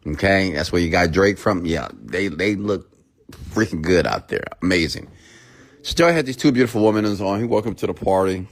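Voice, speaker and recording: A man's voice: low-pitched, a little fast. A man in his thirties giving a motivational talk, telling a personal story and acting out the people in it. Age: 30s. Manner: animated, acts out both sides of a story. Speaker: motivational speaker.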